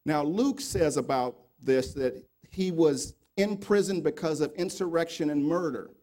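A man preaching a sermon, reading scripture passages aloud and commenting on them, swinging from loud emphatic remarks to low quiet reading. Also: a little slow. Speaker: pastor.

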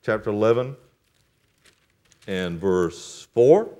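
A man preaching a sermon to a congregation, reading Bible verses in a solemn old-fashioned cadence and explaining them, rising to loud emphatic peaks and dropping to quiet, low asides. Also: lively intonation, slow pace. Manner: reads scripture in solemn King James cadence. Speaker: pastor.

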